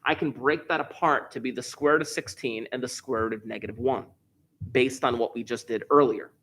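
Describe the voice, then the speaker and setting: A man teaching a math class, explaining each step in order. He repeats the key points and puts heavy stress on important words. His voice sits at an ordinary middle pitch. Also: fairly even intonation, a little fast, a bit bright. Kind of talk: classroom lesson.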